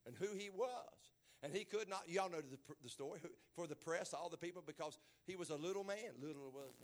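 A man preaching a sermon in a church, emphatic, dropping to low murmurs and then rising to shouted exclamations.

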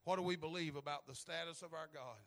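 Male preacher, high bright voice, storytelling that swells into shouted preaching. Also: quick pace. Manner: repeats words when starting phrases. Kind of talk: sermon.

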